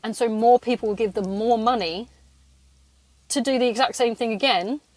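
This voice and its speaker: A woman's voice: a little high, moderate pace, darkish tone, no echo, low-quality recording. A woman hosting a solo podcast from her car, ranting in casual chat, swearing and laughing between points. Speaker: podcast host.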